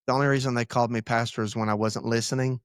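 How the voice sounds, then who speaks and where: A man's voice: mid-range voice, level tone, racing, clear, resonant tone, no room sound, studio quality. A man, a pastor, talking candidly in a casual podcast conversation, rambling and joking about himself. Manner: candid, rambling, self-deprecating. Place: church podcast room.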